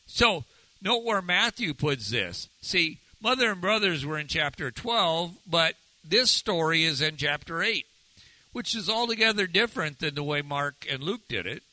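A man leads a relaxed Bible lesson, moving between reading and casual commentary. His voice is very bright and sits slightly high for a man, and the sound is close and dry with no room echo. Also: a little slow. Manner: conversational, animated when retelling. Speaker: Bible study teacher. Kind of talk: informal sermon teaching.

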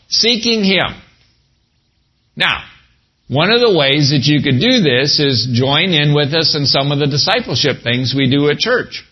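A man preaching a sermon as a pastor, animated, with folksy asides. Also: a little high, breathy edge, muffled recording.

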